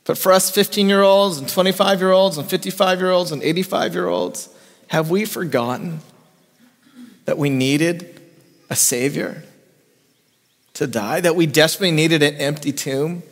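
A middle-aged male pastor preaching an Easter sermon, moving between raised, emphatic lines and hushed, soft ones. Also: on the high side, normal speed, pauses often. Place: church sanctuary. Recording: long reverb of a church hall.

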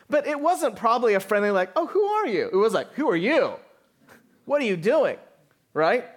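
A man pastor giving a sermon in an explanatory, conversational teaching manner. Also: high-pitched.

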